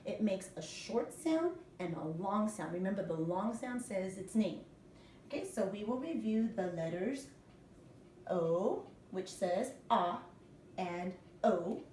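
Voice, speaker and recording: A woman's voice: mid-range voice, big pitch swings, a little slow, dark tone, a little hiss or hum. A woman teacher giving a morning lesson to young children, patient and spelling words out letter by letter. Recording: echoey room, mic at a distance.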